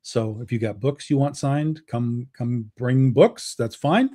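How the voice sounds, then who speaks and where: A comic book publisher, appearing as a guest on a video-call show, chats casually about his comics company in an unhurried, medium-pitched voice. He's relaxed, uses lots of fillers, and restarts often.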